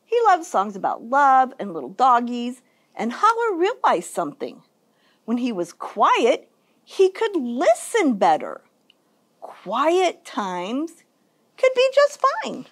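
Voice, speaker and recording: A children's librarian, a woman whose voice is on the high side and slightly rough, reads a picture book slowly at story time. She uses an expressive, sing-song storytelling style.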